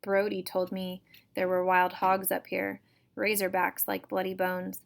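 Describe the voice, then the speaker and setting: A woman reads a first-person chapter book aloud for her students. Her delivery is steady and even, with a notably flat, narrow pitch. The sound is a plain home recording. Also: unhurried, creaky. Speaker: teacher reading to students.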